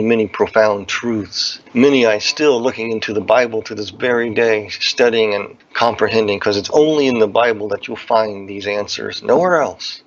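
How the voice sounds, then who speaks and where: A man's voice: lowish voice, slight background noise. A man telling a personal religious testimony in an earnest, plain-spoken way, often repeating phrases for emphasis. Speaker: speaker giving a testimony. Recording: dull lo-fi recording.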